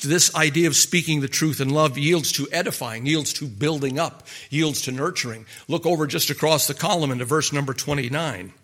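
Middle-aged man, pastor preaching in a folksy, questioning way; bright, ringing voice pitched a little high. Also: a little fast, hardly any pauses. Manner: folksy, asks the listeners rhetorical questions. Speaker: pastor and marriage counselor. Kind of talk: conversational sermon.

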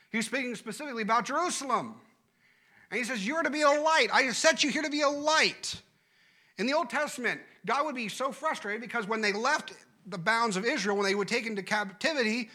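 A man preaching a sermon, emphatic, repeating key phrases and dropping from loud declarations to hushed, quiet lines. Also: high-pitched.

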